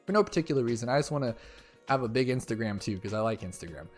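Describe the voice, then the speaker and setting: A man giving rambling, excitable game commentary as a gaming YouTuber, talking a lot and jumping between topics. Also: medium pitch, very fast, faint music behind.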